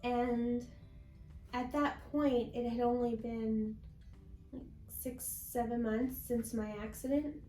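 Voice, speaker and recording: A woman guest sharing a personal faith testimony in an interview, telling her story slowly and from the heart. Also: a little high, fairly even intonation, dark tone, roomy sound, soft background music, poor audio. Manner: slow, heartfelt storytelling with many pauses.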